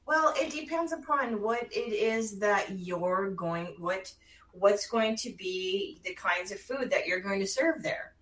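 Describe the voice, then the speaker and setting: A woman's voice: medium pitch, animated, slow pace, fairly bright tone, echoey room, distant mic, poor audio. A woman guest in casual radio chat, talking easily and often chiming in with agreement. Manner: chatty, frequent agreeing interjections.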